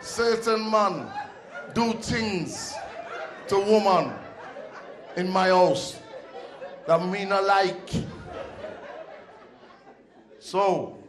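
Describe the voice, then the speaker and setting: A man's voice: high-pitched, drawn-out words, pauses often, crowd noise, pitched above the performer's own voice. A man voicing his macho, house-proud older father, stern and insistent. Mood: vexed.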